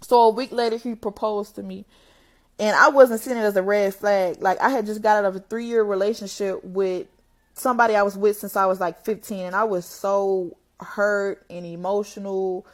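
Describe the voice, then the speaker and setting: A woman's voice: mid-range voice, steady tone, moderate pace. Young woman, blunt emotional storytime. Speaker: vlogger. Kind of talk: candid storytime.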